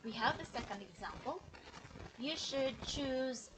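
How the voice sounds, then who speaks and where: A woman teaching an English grammar lesson on a livestream, explaining slowly and checking in with the viewers. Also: high-pitched, lively intonation, noisy background. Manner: slow, explanatory, checks in with "okay?".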